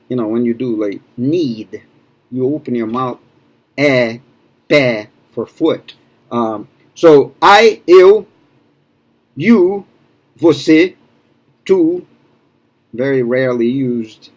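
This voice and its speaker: Brazilian guy from rio teaching portuguese in english, slow and patient, says every word twice. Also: mid-range voice, darkish tone. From Brazil (Rio de Janeiro). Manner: explaining patiently, repeating words for practice. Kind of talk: language lesson.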